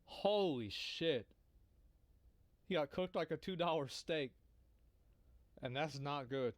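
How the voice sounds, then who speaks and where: Brief: male streamer, higher voice, loose profane reaction chatter, dry close mic. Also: takes it slowly, no echo. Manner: casual, profane, amused. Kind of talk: casual reaction commentary.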